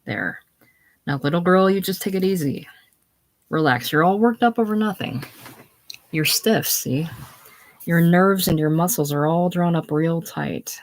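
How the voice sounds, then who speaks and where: A reader voicing a drunken, domineering prison warden who talks gruffly and turns to purring softness, read slowly. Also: mid-range voice, natural voice.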